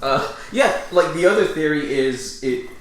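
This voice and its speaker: A man's voice: on the high side, animated, measured pace, crowd noise. Man joking in a very echoey room. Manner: joking, rambling, laughs often. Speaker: podcast co-host. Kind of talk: casual comedy chat.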